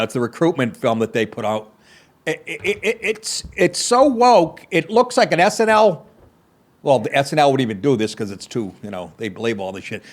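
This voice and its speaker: A male comedian hosts his show with a profane, sarcastic, exasperated rant. His pitch leaps around in a lively way and sits a little high. He jumps from loud outbursts to muttered asides. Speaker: comedian hosting a podcast. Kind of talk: ranting comedy commentary.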